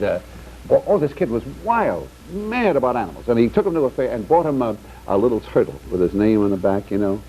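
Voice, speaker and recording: A man's voice: on the low side, mellow. A man telling a long joke on a 1960s comedy panel show, rambling with restarts. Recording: dull, slightly noisy 1960s TV sound.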